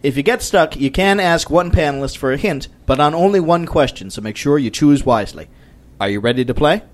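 A young man opens and runs a sports quiz as its game master. His delivery is upbeat and scripted, like an announcer's, and his voice sits slightly high. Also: animated, a little fast.

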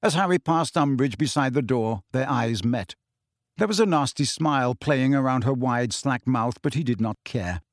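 A man reading audiobook narration in a measured, even storytelling manner, close to the mic. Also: medium pitch, no echo. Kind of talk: scripted narration.

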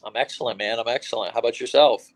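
Speaking quickly in a mid-range voice, this host from the United States runs a phone interview for an online show. His manner is energetic and chatty, kicking off with hype and peppered with fillers and false starts.

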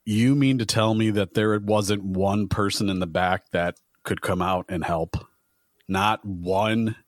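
A man's voice: on the low side, fairly even intonation, slow, no room sound. Dry-sounding man with a wry nitpick. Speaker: podcast co-host. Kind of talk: casual chat.

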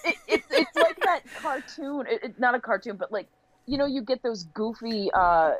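Appearing as a guest on a podcast, an English teacher talks in a relaxed, lively way, laughing and working through her thoughts aloud. She has a fairly high voice and a moderate pace, and the audio quality is poor.

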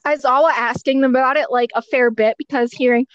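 A young woman hosts a casual podcast, retelling a story in an animated way and swearing casually. Her voice is high and sounds dry and close to the mic. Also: brisk, hardly any pauses, no room sound, highs cut off.

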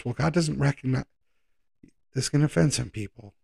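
A man preaches in a relaxed, conversational way. His voice is gravelly and husky, and he sits at a middle pitch. He drags out key words for emphasis and hurries through quick asides. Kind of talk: sermon.

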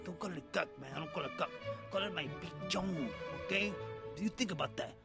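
A man's voice: high voice, a little fast, gravelly, voice pushed down. A man voicing a boastful male ex-con who has made it rich, bragging crudely with slang over a music bed. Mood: swaggering. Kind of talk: comedy character monologue. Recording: loud music bed behind voice.

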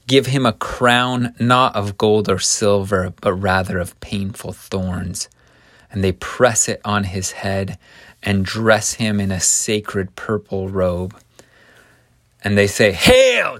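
A man telling a scripture lesson slowly and earnestly, stopping to restart a phrase now and then as he paints the scene. His voice sits in a dry, close space with no room sound. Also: on the low side, a bit bright, dry recording. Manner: earnest, vivid storytelling with small restarts. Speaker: scripture teacher.

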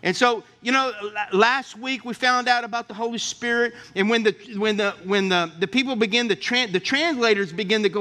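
A middle-aged male pastor preaching a sermon with a high, bright voice. He tells personal stories in a folksy, chatty way and keeps turning to the congregation for an amen or a nod. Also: brisk, hardly any pauses. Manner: folksy storytelling, asks the congregation for responses.

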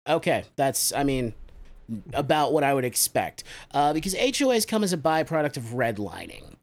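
A man's voice: medium pitch, sing-song, normal speed. A man hosting a casual discussion podcast, who explains topics and puts questions to his guests. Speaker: podcast host.

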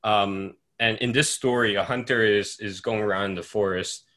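A man's voice: fairly low pitch, fairly even intonation, moderate pace, sharp tone. A man in his twenties co-hosting a casual podcast chat, laughing often and telling stories with animation. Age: 20s. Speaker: podcast co-host.

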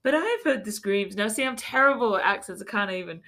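A woman's voice: medium pitch, expressive, fast talker, bright, forceful tone. Giggly woman telling a spooky legend. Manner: giggly, chatty, reads quotes aloud with asides. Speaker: podcast host. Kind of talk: casual storytelling chat.

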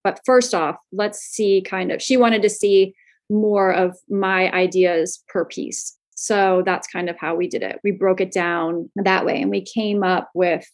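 Chatty woman from Florida. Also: medium pitch. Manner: chatty, animated, laughs often, many fillers. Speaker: clothing brand co-founder. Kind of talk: casual interview storytelling.

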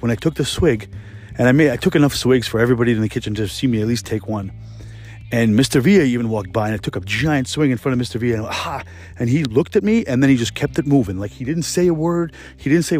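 A young man talks fast and loose, swearing freely as he rambles through stories from his kitchen job. His voice sits at an ordinary middle pitch, and faint music plays underneath. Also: darkish tone. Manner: profane, rambling, laid-back. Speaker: podcast host, restaurant cook. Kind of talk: casual solo storytelling.

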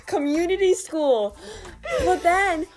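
A woman's voice: extremely high pitch, wildly swooping pitch, drawn-out words, music in the background. A young adult woman co-hosting a podcast, trading playful, giggly, mock-dramatic banter. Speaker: podcast co-host. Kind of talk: casual comedic banter.

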